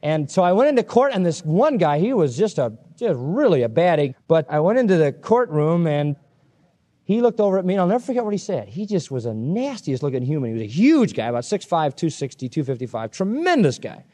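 High-voiced preacher man. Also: a little fast. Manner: animated, emphatic, conversational storytelling. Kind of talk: expository sermon.

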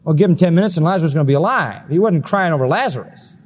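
A man preaching a sermon, emphatic and full of rhetorical questions, often swinging his pitch up high and dropping it low. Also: animated, very fast, slightly rough.

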